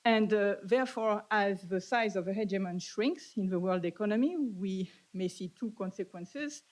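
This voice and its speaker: A middle-aged woman with a French accent giving an academic conference talk, speaking haltingly with many fillers and restarts. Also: mid-range voice, a little mellow, rough recording.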